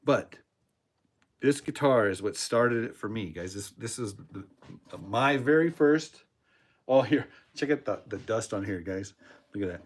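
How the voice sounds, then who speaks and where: A man's voice: fairly low pitch, lively intonation, a little slow. A man hosting a podcast, chatting casually and telling a rambling story with repeated words. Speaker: podcast host, cigar box guitar builder. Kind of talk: casual chat with live chat viewers.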